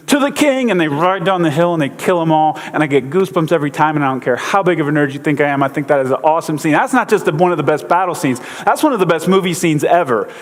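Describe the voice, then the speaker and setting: A man giving a casual sermon, a chatty, joking storyteller with lots of fillers. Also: on the high side. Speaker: pastor. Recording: long hall reverb.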